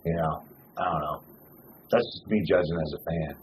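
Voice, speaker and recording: A man hosting a wrestling podcast in casual chat, cursing freely and talking with animated swings. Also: sits low, moderate pace, slight background noise, rough recording. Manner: profane, animated, lists names in runs. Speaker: podcast host.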